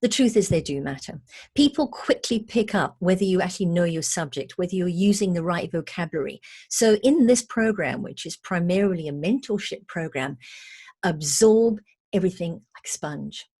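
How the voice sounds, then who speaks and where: A woman's voice: fairly low pitch, expressive, normal speed, darkish tone, breathy edge. A woman communication trainer giving a recorded lesson, emphatic and playful in a teacherly way.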